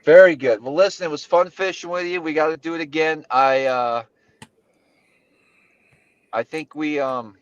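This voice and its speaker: A man chatting casually on a fishing livestream, easygoing and prone to halting restarts. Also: on the high side, dry recording. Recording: dull lo-fi dry sound.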